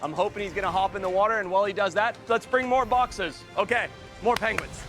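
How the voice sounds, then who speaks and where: Man, wildlife presenter, high voice, bright tone, exclamatory, talks to animals. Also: fairly even intonation, fast, faint music behind. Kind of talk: enthusiastic on-location presenting.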